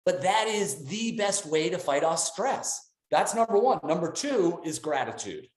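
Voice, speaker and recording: A middle-aged man giving an enthusiastic, animated motivational talk on a live call. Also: high-pitched, unhurried, roomy sound. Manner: enthusiastic, animated, jumps between voices for quotes. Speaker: motivational speaker.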